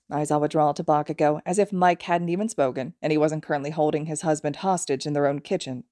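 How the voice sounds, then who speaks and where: A woman narrating fan fiction as an audiobook, in a calm, even storytelling manner. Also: deep voice, fast, few pauses, no room sound, clean studio sound. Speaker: podfic reader.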